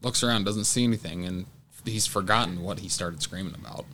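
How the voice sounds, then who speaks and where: A man with a low voice chats on a podcast with faint background noise. He speaks haltingly and restarts his sentences. His humor is dry. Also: pushed and bright. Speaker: podcast co-host. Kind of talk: casual chat.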